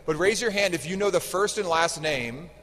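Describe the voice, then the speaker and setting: Male homilist, higher voice, chatty, quizzes the pews, church reverb. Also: moderate pace, a bit bright. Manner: conversational, quizzes the congregation. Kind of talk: sermon. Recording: echoey church hall.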